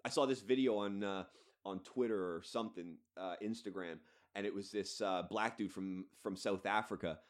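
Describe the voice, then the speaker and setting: A man's voice: lowish voice, normal speed. A man hosting a podcast, ranting bluntly and swearing freely. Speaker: podcast host. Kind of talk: solo podcast rant.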